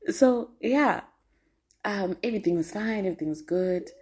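A woman in her twenties telling a story as a podcast host, animated and slangy, laughing often. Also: mid-range voice, normal speed, husky. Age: 20s. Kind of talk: casual storytelling monologue.

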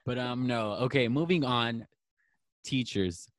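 A man's voice: mid-range voice, measured pace, heavy background noise. A young man in his twenties chatting casually, gossipy and dramatic, acting out quotes with lots of "like". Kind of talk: casual chat reminiscing.

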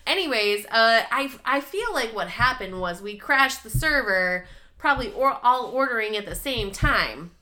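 A woman's voice: fairly high pitch, animated, normal speed, bright, forceful tone. A woman in her thirties co-hosting a casual chat show, telling stories with acted-out quotes and frequent swearing. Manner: chatty storyteller, swears freely, acts out quotes. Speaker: podcast co-host.

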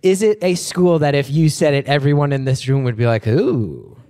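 A man's voice: a little high, a little fast, dark tone, clean tone, long reverb tail. A man hosting a live podcast, chatty and self-deprecating, often restarting his sentences. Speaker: podcast host. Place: live venue before an audience.

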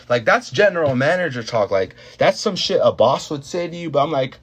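A man's voice: a little high, lively intonation, fairly quick, few pauses, breathy edge. A young man chatting casually, rambling with lots of fillers, restarts and swearing as he tells a story. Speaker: podcast talker telling a work story. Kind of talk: casual chat.

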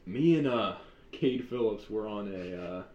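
Young dude telling a story, slangy and hyped, echoey room, kinda muffled. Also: male voice, lowish voice, unhurried, slight background noise. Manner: slangy, animated, says dude a lot. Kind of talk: casual storytelling chat. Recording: roomy, dull sound with faint ambience.

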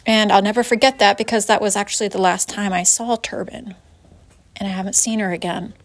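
A woman telling a personal story in a halting, reflective way, sighing and pausing with hesitant fillers. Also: medium pitch, fairly even intonation, no echo.

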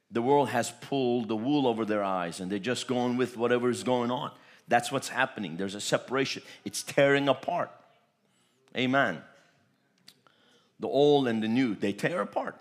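A man's voice: medium pitch, measured pace, pauses often. A man preaching a charismatic sermon, repeating phrases, chuckling often and breaking into tongues. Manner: repetitive, chuckling, bursts into tongues.

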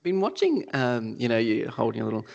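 Gravelly halting male host. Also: mid-range voice, sing-song, a little mellow. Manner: halting, many restarts and fillers. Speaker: podcast host. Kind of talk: casual interview. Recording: dull lo-fi remote audio.

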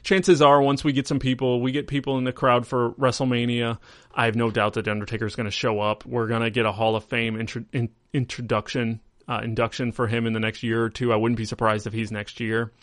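A man's voice: mid-range voice, flat delivery, brisk, no echo. A man hosting a podcast, telling stories in a rambling, casual way full of fillers. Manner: rambling, filler-heavy storytelling. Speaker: podcast host. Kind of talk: casual chat.

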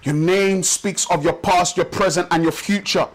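Male pastor with a high voice, rhythmic repetitive sermon delivery. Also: fairly even intonation, rough recording. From Nigeria. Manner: rhythmic preaching with repeated phrases, slows for emphasis. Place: church service.

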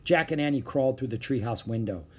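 A male storyteller reading a children's book aloud, his pitch rising and falling with the story. His voice carries a slightly husky grain. He narrates with expressive energy. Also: fast.

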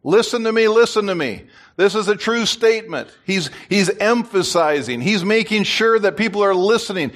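A man, a pastor, preaching a sermon in an animated way and joking with his congregation. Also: sits high, moderate pace, few pauses. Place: church.

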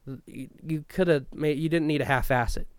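A man's voice: on the high side, steady tone, moderate pace, clean tone, dry recording. A young man co-hosting a podcast, talking loosely in a rambling way and swearing often. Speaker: podcast co-host. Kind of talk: casual chat.

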